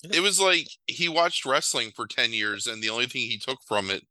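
Brief: male podcast host, profane storyteller, tense bright tone. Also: medium pitch, normal speed, dry recording, poor audio. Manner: animated, profane, rambling retelling. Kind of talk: casual chat.

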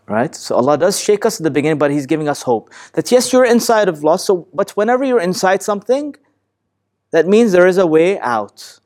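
Man, Quran class teacher, fairly high voice, emphatic, questions the class, quick Arabic recitation. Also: darkish tone. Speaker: Islamic teacher. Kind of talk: Quran class talk to students.

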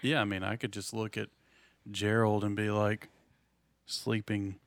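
A man's voice: on the low side, little pitch movement, measured pace, clean tone, no room sound. A man chatting casually about a movie, laid-back, with wry asides. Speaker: podcast co-host. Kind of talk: casual chat.

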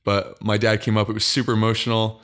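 A young man telling a long personal story in casual podcast chat, halting often and restarting his sentences. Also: lowish voice, little pitch movement, a bit bright. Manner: halting, frequent restarts and fillers.

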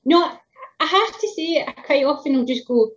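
A woman's voice: high voice, animated, moderate pace, dull audio. A woman, a tradeswoman chatting casually on a video call, with lots of fillers and laughs. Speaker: tradeswoman guest.

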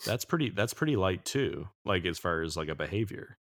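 A man's voice: low voice, animated, fairly quick, fairly bright tone, no echo, studio quality. A man co-hosting a podcast in casual chat, talking in a chatty way and laughing often. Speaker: podcast co-host.

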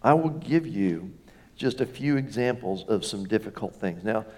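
A man's voice: lowish voice, animated, moderate pace, darkish tone. A man preaching as a pastor in a conversational storytelling sermon, folksy, with self-deprecating humor and rhetorical questions.

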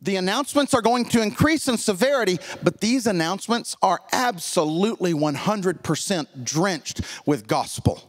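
High-voiced emphatic male preacher. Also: lively intonation, moderate pace, few pauses. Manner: emphatic, drops low for key points. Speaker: pastor. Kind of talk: sermon. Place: church.

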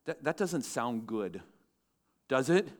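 Taking it slowly in a mid-range voice, a male pastor delivers a sermon to his congregation in church. He questions the room and rises loud and animated when quoting scripture.

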